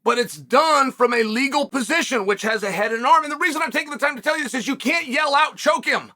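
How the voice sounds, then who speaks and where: A man's voice: very high-pitched, quick pace, sharp tone. A middle-aged man hosting a commentary monologue for viewers, emphatic, repeating words and asking rhetorical questions. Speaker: host and former fighter.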